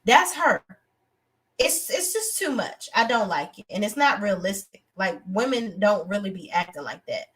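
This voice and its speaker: A young woman hosting a live TV review stream, talking in a blunt, animated, outspoken way with features. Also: medium pitch, normal speed. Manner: animated, outspoken, breaks into acted voices of characters. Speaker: TV review show host.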